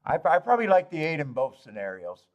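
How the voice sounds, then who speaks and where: This fairly high-pitched man talks quickly with huge swings in pitch, and the recording's highs are cut off. He hosts a live horse racing betting stream, chatting loosely with viewers while cursing and mocking himself with frequent laughter.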